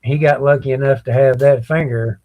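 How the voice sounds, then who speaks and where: Casting note: male co-host, easygoing plain talker, unhurried storytelling. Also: mid-range voice, steady tone, phone-quality sound, a little hiss or hum. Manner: laid-back, plainspoken, drawn-out telling. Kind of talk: casual storytelling.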